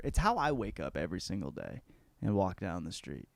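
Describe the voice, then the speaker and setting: A man's voice: sits low, very animated, fairly quick, gravelly, no room sound. Profane rambling man host, dry close sound. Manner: profane, rambling, puts on voices for characters. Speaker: podcast host. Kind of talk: crude comedic book report.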